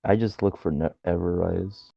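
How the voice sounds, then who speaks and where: Low-voiced man, laughing, swearing podcast chat. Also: normal speed, vocal fry, breathy edge, no echo, dull audio. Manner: laughs often, swears, animated bursts. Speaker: podcast co-host. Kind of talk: casual chat.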